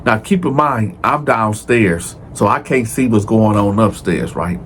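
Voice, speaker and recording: Animated man telling a prison story. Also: a little slow, slight background noise. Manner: animated, acts out quoted dialogue with raised pitch; heavy slang, talks directly to viewers. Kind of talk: casual storytime monologue.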